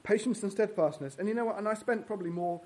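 Preacher man with a slightly high voice. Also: fast talker, warm tone. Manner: earnest, prays, teaches verse by verse with fillers and restarts. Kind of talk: sermon. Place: church.

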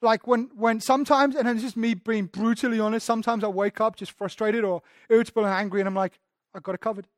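A man's voice: high-pitched, steady tone, fast, no echo, clean studio sound. A man preaching a sermon as pastor, candid and self-deprecating, often restarting his sentences.

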